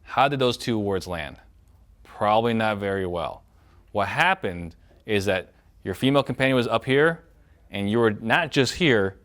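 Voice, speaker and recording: A man with a fairly low voice teaches a recorded sales training course. He coaches in a direct tone and slips into the voices of prospects to demonstrate. His loudness and pace rise and drop to show each point. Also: expressive, normal speed.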